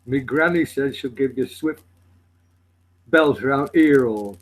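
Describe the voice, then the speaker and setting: A man's voice: mid-range voice, measured pace, rough recording. A man from Lancashire with a Lancashire accent, chatting casually and telling laid-back anecdotes. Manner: laid-back storytelling, laughs along. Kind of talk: casual chat with banter.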